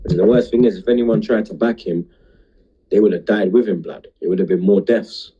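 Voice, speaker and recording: This young livestream host is drunk, speaking briskly in a lowish, mellow voice as he rambles emotionally in heavy street slang. The audio is dull with slight background noise.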